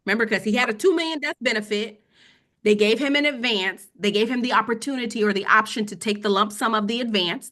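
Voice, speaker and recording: Bright-voiced woman teaching finance. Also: mid-range voice. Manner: conversational, repeats "okay?" to check in. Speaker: financial educator. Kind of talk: casual webinar teaching.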